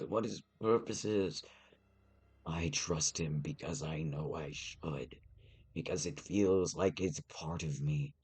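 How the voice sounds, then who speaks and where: Man playing an older knight, devout servant, deep rasp, unhurried delivery. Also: darkish tone, exaggerated voice. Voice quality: gravelly. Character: devoted older male knight, loyal servant. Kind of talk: tabletop role-play voicing.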